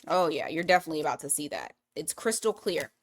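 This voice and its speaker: A woman's voice: low voice, lively intonation, fast. Blunt, profane woman reading tarot. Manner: blunt, profane, chatty, thinks aloud with restarts. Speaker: tarot reader.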